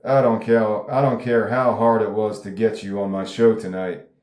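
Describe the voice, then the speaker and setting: A man's voice: lowish voice, little pitch movement, moderate pace, darkish tone, lightly acted. A man reading a pompous male cable news host in a script table read, with blustering, self-important delivery. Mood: indignant. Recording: roomy echo.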